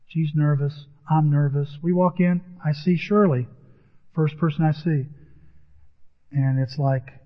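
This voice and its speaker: Pastor telling a story in a reverberant hall. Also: male voice, on the high side, fairly even intonation, unhurried. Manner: personal anecdotes with quoted dialogue, earnest. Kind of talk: sermon storytelling. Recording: dull audio with long hall reverb.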